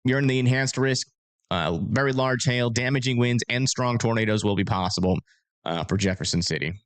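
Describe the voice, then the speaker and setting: A man's voice: mid-range voice, fairly quick, clear, resonant tone, dry recording. A man hosting a casual livestream, chatting with viewers and talking through storm forecasts in a rambling, filler-heavy way.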